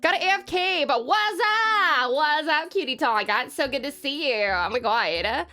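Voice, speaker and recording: A woman's voice: sits high, lively intonation, sharp tone. An Australian woman streamer putting on a bubbly Valley Girl voice to greet a viewer, drawing out her words. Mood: gushing. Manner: drawn-out, breathy gushing, "babes" and "bestie".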